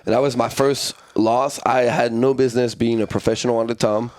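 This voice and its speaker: A man's voice: medium pitch, fairly quick. A man from France in his thirties, telling fight stories casually on a podcast with lots of swearing. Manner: profane, animated storytelling. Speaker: guest, fighter. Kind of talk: casual storytelling.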